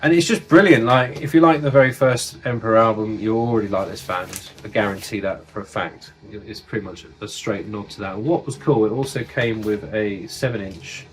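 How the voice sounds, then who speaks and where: Lower-voiced man chatting about records. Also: brisk, hardly any pauses. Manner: enthusiastic, swears casually, many fillers. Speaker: music collector vlogger. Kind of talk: casual record collection show-and-tell.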